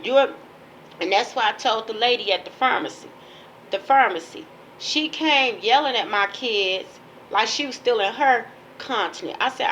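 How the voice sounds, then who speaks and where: A woman's voice: a little high, moderate pace, a bit bright, slight background noise, rough recording. A woman from Chicago delivering a ranting monologue, emphatic and lecturing, repeating her phrases to press each point. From Chicago, USA. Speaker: page owner.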